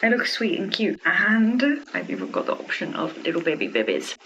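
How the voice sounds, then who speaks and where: A woman's voice: on the low side, moderate pace, highs cut off, a little hiss or hum. Giggly, gushing woman vlogger. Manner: gushing and excitable, many "like" fillers, giggly. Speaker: beauty vlogger reviewing a wig. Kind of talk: casual product review. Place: at home.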